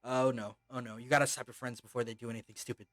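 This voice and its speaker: A man's voice: mid-range voice, little pitch movement, quick pace, no room sound, studio quality, close to an everyday voice. A game master voicing a jumpy young male guard with an eye patch, talking in a strained, edgy way and swearing. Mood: alarmed.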